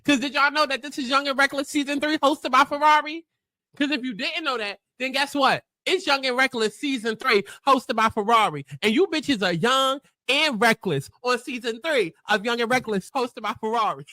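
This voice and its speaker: Woman reaction host, high animated mocking voice, dry room. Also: normal speed, dry recording. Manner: loud, laughing, mocking. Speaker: commentary host reacting to clips. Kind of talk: reaction commentary.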